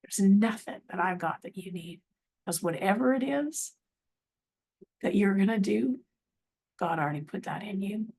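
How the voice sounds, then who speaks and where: A woman voicing a kind older woman singer who speaks in a gentle, soothing, motherly way. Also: medium pitch, expressive, a little slow, vocal fry, pauses often, husky, exaggerated voice. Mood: reassuring.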